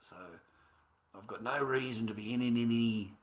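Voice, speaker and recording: A man's voice: medium pitch, steady tone, normal speed. A middle-aged man livestreaming, rambling in casual chat with heavy swearing and an agitated, repetitive way of talking.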